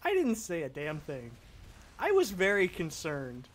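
A young man with a fairly high voice talks through a casual gaming commentary. He rambles and drifts from one thought to the next in a loose, chatty way. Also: very animated, a little slow, a bit bright. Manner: rambling, chatty, easily sidetracked.

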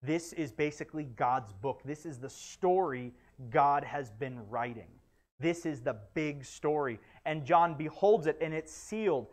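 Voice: medium pitch, unhurried. A pastor preaching a sermon in a church, building emphasis through repeated phrases. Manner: stumbles and corrects with a laugh.

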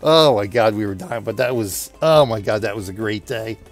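A man's voice: lowish voice, moderate pace, soft background music. Chatty man rambling through an anecdote. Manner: chatty, laughing, many restarts. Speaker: gaming video host. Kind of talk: rambling anecdote over gameplay.

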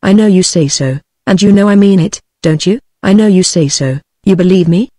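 A computer-generated woman's voice with a British English accent reading the lines of a soft, insistent young farmhand in an audiobook. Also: on the low side, normal speed, dry recording, studio quality, lightly acted. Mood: softly insistent. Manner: softly insistent, repeating himself.

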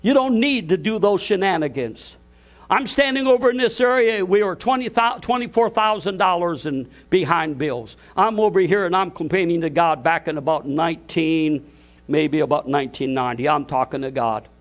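An older pastor preaches with a high voice at a church service. He builds to fervent shouts and trips over his own restarts. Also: lively intonation, normal speed. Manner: impassioned, climbing to shouts, stumbling restarts. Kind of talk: sermon.

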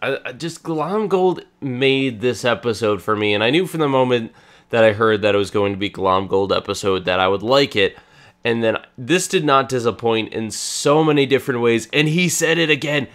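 A man with a cold, co-hosting a casual fan discussion podcast, talking in an excited and halting way with many restarts. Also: mid-range voice. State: has a cold. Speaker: podcast co-host.

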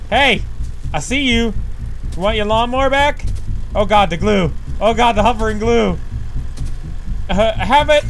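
High-voiced profane man gaming. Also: expressive, normal speed, long pauses, soft background music. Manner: loud, profane, yelps and laughs while playing. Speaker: gaming YouTuber. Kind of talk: let's play commentary. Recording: faint background noise.

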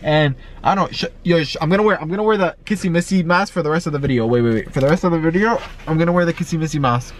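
A young man vlogging in an excited, slangy way, often repeating himself. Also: on the high side, rapid-fire, few pauses, slight background noise. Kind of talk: excited casual vlog.

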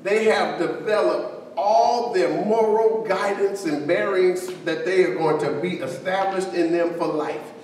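A pastor preaching a sermon in a conversational way, with joking asides to the congregation. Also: male voice, sits high, unhurried, a little mellow. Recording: echoey hall, distant mic, faint hiss.

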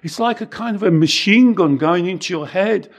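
A man talks through self-help ideas with real emphasis, often slipping into the voices of scared children and harsh inner critics. His voice sits at an ordinary pitch with a gravelly, creaky edge. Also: moderate pace. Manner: emphatic, acts out inner voices, repeats himself. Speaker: teacher and podcast co-host. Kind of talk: animated self-help talk.

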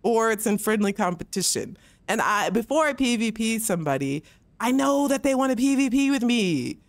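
A woman streams a game and goes off in a heated, swearing rant, her voice pitched a little high. She slips into mocking put-on voices as she complains. The sound is dry and close to the mic. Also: expressive, moderate pace, no room sound. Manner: heated, profane, mocks others in put-on voices. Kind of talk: livestream rant while gaming.

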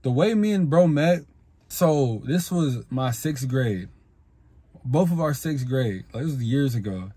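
A man's voice: mid-range voice, expressive, a little slow, warm tone, husky, no echo. A young man giving blunt, profane, slangy advice on making friends in a casual vlog monologue. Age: young adult. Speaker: self-improvement vlogger.

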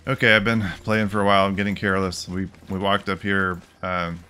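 A man casually commenting on his gameplay, thinking aloud in a relaxed way. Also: low voice, a little fast, clear, resonant tone. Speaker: let's play host.

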